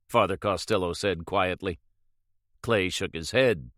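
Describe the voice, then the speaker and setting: A man reading a thriller novel aloud as an audiobook narrator in a measured, steady way. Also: sits low, no echo, clean studio sound.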